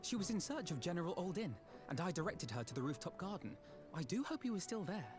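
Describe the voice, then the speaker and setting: Young scholar, polite and eager, high and quick, refined diction. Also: male voice, very animated. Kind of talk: video game dialogue acting. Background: loud game music.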